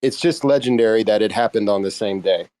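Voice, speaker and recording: A man in a casual group chat who speaks in a measured, serious way. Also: fairly low pitch, darkish tone, poor audio.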